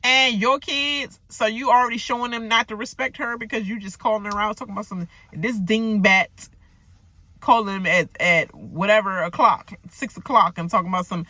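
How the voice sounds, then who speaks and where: A woman giving a casual, profane, animated rant recapping a reality TV episode, with joking asides. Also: medium pitch, normal speed, no echo. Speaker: TV recap vlogger.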